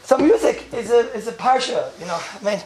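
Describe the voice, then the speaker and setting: A man's voice: very high voice, animated, brisk, over a noisy crowd. A man giving an informal class full of jokes and rhetorical questions, chuckling often. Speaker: yeshiva teacher giving a class.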